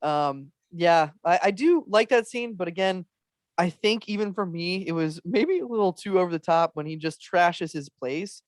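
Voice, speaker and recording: A man chatting as a podcast guest, swearing freely, laughing often and dropping into quick impressions. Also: high-pitched, animated, no room sound, studio quality. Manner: profane, laughs a lot, does impressions. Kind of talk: casual chat.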